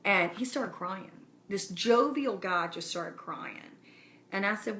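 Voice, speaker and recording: Bright-voiced earnest woman. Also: mid-range voice, lively intonation, takes it slowly, slight background noise. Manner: earnest, encouraging, speaks straight to viewers. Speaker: speaker addressing her community. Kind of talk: casual live-stream address.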